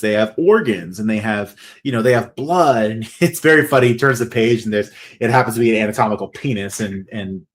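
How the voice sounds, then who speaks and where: Male podcast co-host, casual film recap, rambling delivery, average pitch. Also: lively intonation, fairly quick, hardly any pauses. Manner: rambling, many restarts and fillers.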